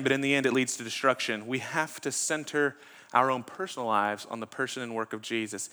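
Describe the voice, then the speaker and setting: A man's voice: medium pitch, pushed and bright. A pastor preaching a sermon in a conversational way, asking his listeners rhetorical questions.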